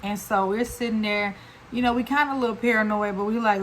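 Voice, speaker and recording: A woman's voice: a little high, fairly even intonation, fast, fairly bright tone, a little hiss or hum, poor audio. A woman telling a storytime on her vlog, chatty and slangy, running on with fillers. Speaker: vlogger. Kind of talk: casual storytime.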